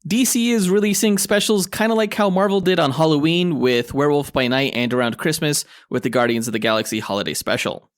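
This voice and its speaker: A man's voice: on the high side, a little fast, dry recording, clean studio sound. A man co-hosting a comic book podcast, reading show promos and chatting about news. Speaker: podcast co-host. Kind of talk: casual podcast chat.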